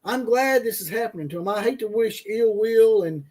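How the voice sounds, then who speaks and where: High-pitched and darkish in tone, a man speaks at normal speed while running a laid-back college football livestream. He cracks profane jokes at teams and players, reads chat aloud, and laughs at his own material.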